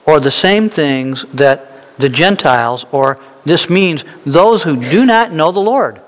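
A man preaching a sermon at a deliberate, unhurried pace, his voice sitting a little high for a man. He leans hard on key words and rises into insistent bursts. The sound carries a long reverb, as in a large hall. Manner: slow, emphatic preaching with rising, animated peaks. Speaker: pastor.

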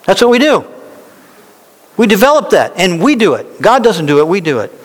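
A male pastor preaching a sermon, slow and emphatic, climbing into animated, insistent peaks when he drives a point home. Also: sits high. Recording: reverberant hall.

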